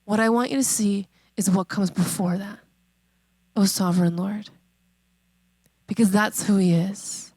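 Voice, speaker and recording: A woman in her thirties preaching a sermon, conversational and emphatic, repeating questions and slowing on key phrases. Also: mid-range voice, steady tone, darkish tone, no echo. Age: 30s. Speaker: pastor.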